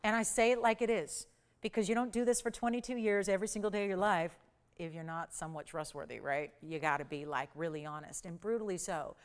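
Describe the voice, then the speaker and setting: A woman's voice: lowish voice, fast talker, smooth. Gushing woman host on TV shopping. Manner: gushing, chatty, breaks off mid-sentence. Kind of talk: live TV shopping pitch. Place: TV studio.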